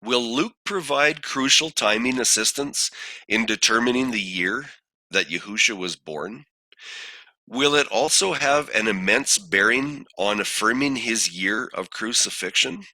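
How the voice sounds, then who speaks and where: A man teaching a scripture study lesson, posing questions and reading verses aloud in a deliberate way. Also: medium pitch, animated, bright, forceful tone, no room sound. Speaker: bible teacher.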